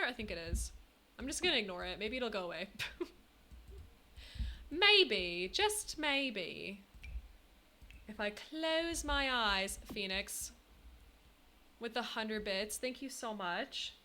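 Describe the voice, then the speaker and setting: A woman's voice: mid-range voice, sharp tone. A young woman streaming live, chatting casually and thanking her viewers, bubbly and giggly.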